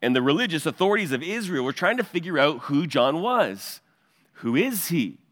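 A man's voice: on the high side, sing-song, moderate pace, a bit bright, in a large hall. A male pastor preaching an expository sermon in an earnest teaching cadence, pointing listeners to verses.

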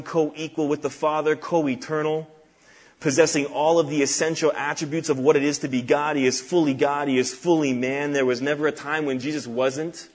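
Earnest male preacher reading scripture. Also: on the high side. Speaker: pastor. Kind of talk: sermon.

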